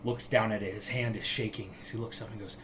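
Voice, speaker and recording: A man narrating a tabletop game as game master, describing scenes slowly and vividly. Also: lowish voice, fairly even intonation, crowd noise.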